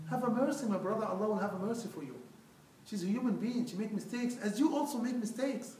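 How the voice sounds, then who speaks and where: Man preaching, high pitched, earnest and pleading, echoey mosque hall, distant mic. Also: lively intonation, fast, darkish tone, slight background noise. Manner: earnest, pleading, addresses listeners as brother. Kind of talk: Friday sermon.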